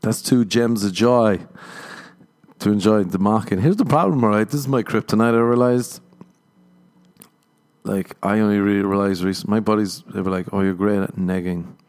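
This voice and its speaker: Low-voiced Irish man, sardonic. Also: moderate pace, darkish tone. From Ireland. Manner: sardonic, self-mocking, laughs often. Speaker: podcast host. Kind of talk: comedic monologue.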